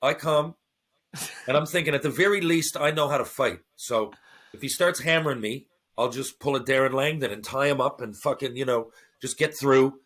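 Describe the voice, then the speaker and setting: A man, a former hockey enforcer, telling a fight story on a podcast in casual, animated, profane chat. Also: mid-range voice, normal speed. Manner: animated, swearing, acting out his own reactions.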